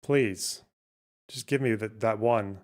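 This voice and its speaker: A man with a fairly low, darkish voice hosts a livestream at a slow pace, casually reacting to his chat and to clips. He swears, sounds incredulous, and reworks his sentences as he thinks aloud.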